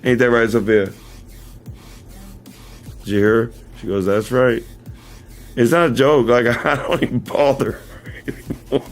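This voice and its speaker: On a casual livestream, a male host tells a rambling, self-correcting story punctuated by frequent chuckles, then turns earnest and addresses his viewers directly. His medium-pitched voice stays steady at a moderate pace with long pauses, picked up by a camera mic over soft background music.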